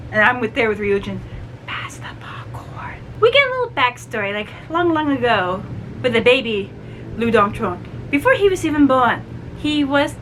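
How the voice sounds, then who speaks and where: A woman chatting through a book review, animated and full of "like" and "you know". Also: a little high, a little hiss or hum, poor audio. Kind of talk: casual book review vlog.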